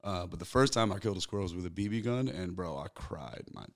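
A comedian guest on a podcast tells rambling, slang-filled stories in a slightly low male voice. He talks loosely and calls everyone bro. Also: expressive, quick pace. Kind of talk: casual podcast chat.

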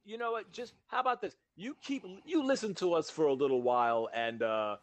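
A man's voice: a little high, brisk. A man co-hosting a podcast in casual chat, rambling and often repeating words as he starts his sentences. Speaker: podcast co-host.

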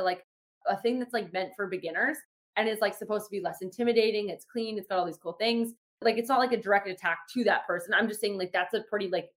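A young woman talks straight to her listeners in a loose, rambling monologue. She fills her sentences with "like" and keeps calling her audience "guys." Her pitch sits in an ordinary middle range, and the delivery feels like casual podcast chat. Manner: chatty, heavy use of "like", addresses listeners as guys. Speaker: podcast host.

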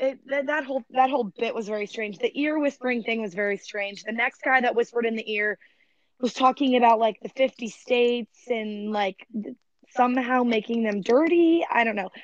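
A young woman in her twenties, a podcast guest chatting in an animated, blunt, cringing way. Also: a little high, moderate pace, dry recording. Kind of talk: casual chat. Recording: dry, dull lo-fi sound.

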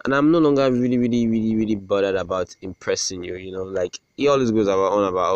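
A man's voice: lowish voice, fast talker, smooth, no room sound, muffled recording. A young man hosting a casual solo podcast, rambling about his day in a sarcastic, self-deprecating way with many restarts. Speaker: podcast host.

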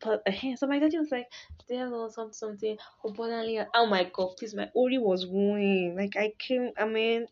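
A young woman casually sharing a faith testimony, animated and laughing as she tells the story. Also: mid-range voice, moderate pace, hardly any pauses. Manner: animated, laughs and restarts while telling a story. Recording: dull lo-fi recording.

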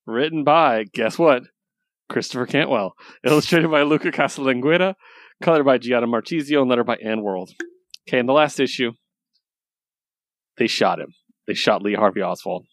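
A man's voice: medium pitch, moderate pace, long pauses, no echo. A man co-hosting a comics podcast in casual chat, loose and rambling, enthusiastic and swearing casually. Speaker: podcast co-host reviewing comics.

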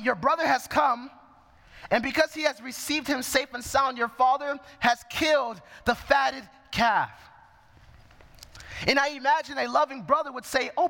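A man's voice: very high-pitched, creaky, bright, forceful tone, in a large hall. A man preaching a sermon, reading scripture verse by verse and explaining it as he goes.

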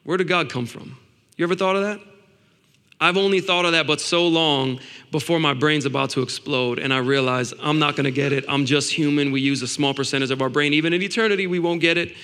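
A man preaching a sermon in an excitable way, stumbling and repeating words, swinging between loud bursts and hushed asides. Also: fairly high pitch, fairly quick, clean tone, long reverb tail.

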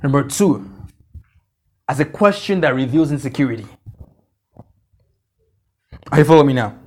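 A man's voice: medium pitch, lively intonation, normal speed. A male pastor preaching a conversational sermon at a church conference, repeating phrases and checking in with the congregation.

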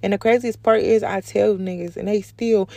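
Blunt, gravelly-voiced woman ranting. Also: medium pitch, steady tone, moderate pace, a little mellow, no echo. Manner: blunt, profane, emphatic with repeated phrases. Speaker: podcast host. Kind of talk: unscripted solo podcast rant.

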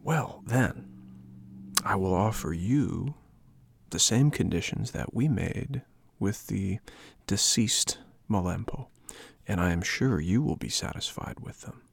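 A man reading a storybook and voicing a sly male polecat who talks in a hushed, coaxing voice. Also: lowish voice, animated, slow pace, creaky, breathy edge, no echo, full character voice. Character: sly soft-spoken male polecat, scheming thief.

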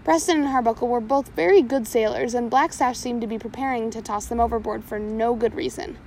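A woman's voice: on the high side, steady tone, a little fast, a little mellow, a little hiss or hum, low-quality recording. Woman reading a pirate story aloud. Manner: reads with small slips and self-corrections.

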